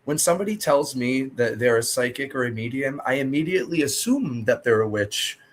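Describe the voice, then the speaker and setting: A man's voice: medium pitch, a little fast, slight background noise. A man talking as a podcast guest, a blunt skeptic who rambles and tells stories in casual chat. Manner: rambling, animated storyteller with frequent laughs. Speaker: guest, minister and historian.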